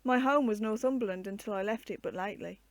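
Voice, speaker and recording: A woman's voice: mid-range voice, fast, no echo, lightly acted. A woman voicing a young orphan boy who answers politely and firmly, reading a storybook. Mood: indignant. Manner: polite, then stung and firm. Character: young orphan lad, earnest and proud.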